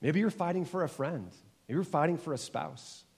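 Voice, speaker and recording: A man in his forties delivers a church sermon at a stage microphone. His voice sits a little high and swings between loud, insistent repetition and low, hushed stretches. A long reverb trails after every line. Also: moderate pace, creaky, husky. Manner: rising to emphatic repeated exhortations, dropping low and soft at times. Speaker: pastor.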